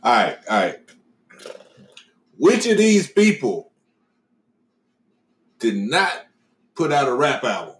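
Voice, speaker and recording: A man's voice: mid-range voice, wildly swooping pitch, slow, pauses often. A man casually quizzing his friends on pop-culture trivia, teasing and cursing freely. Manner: profane, teasing quizmaster. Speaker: host asking trivia. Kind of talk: casual chat. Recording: echoey room with faint ambience.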